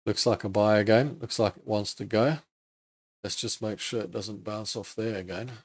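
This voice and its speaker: A man's voice: lowish voice, steady tone, normal speed. A man hosting a live trading stream, casually thinking aloud over charts and chatting with viewers. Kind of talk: live market commentary.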